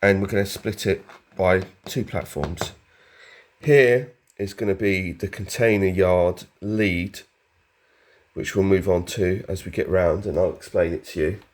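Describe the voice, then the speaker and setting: A man with a very low, hoarse voice, still getting over a cold. He talks casually to camera, rambling with plenty of ums and restarts. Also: unhurried. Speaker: model railway vlogger.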